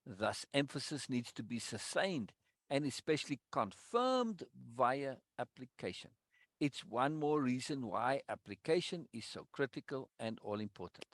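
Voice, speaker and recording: A man's voice: medium pitch, big pitch swings, fairly bright tone, no echo, studio quality. Man leading an online course. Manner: repeats key points for stress, quick affirmations. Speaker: course leader. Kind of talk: live online teaching session.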